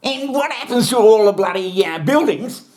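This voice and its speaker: A man's voice: sits high, animated, moderate pace, a little mellow. An Australian man hosting a comedy show, rambling and swearing through a sarcastic rant. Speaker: comedy host. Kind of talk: comic rant.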